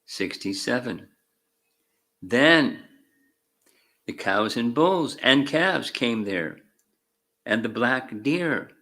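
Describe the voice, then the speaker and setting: Slow, bright-voiced man reading scripture. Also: medium pitch, animated. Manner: deliberate reading in short phrases, calling out verse numbers with dry asides. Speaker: spiritual teacher. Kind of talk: reading scripture aloud with commentary.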